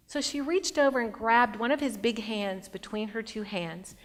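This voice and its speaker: A middle-aged woman giving a motivational speech as a keynote speaker, an expressive storyteller who shifts between bright emphasis and hushed moments. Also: on the high side, normal speed. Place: large conference hall. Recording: long hall reverb.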